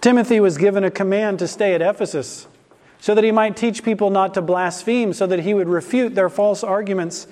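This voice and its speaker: Male preacher, high voice, emphatic rhetorical questions, long church reverb. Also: fairly quick, darkish tone. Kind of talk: expository sermon.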